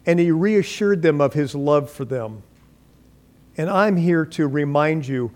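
A male pastor preaching to his congregation in church. His voice sits a little high for a man, and he tells his stories dramatically, putting on voices for the people he quotes. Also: darkish tone. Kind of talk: sermon.

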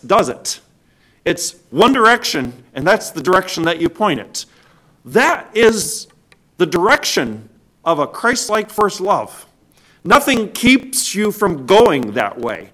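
A man preaching a sermon as pastor, asking the congregation rhetorical questions and swinging between loud stressed words and quiet drops. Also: medium pitch.

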